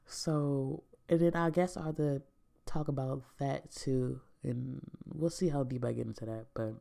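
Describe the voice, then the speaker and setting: Low, gravelly young woman rambling candidly. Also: steady tone, measured pace, warm tone. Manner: candid, slangy, swears freely. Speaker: vlogger. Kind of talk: casual rambling monologue.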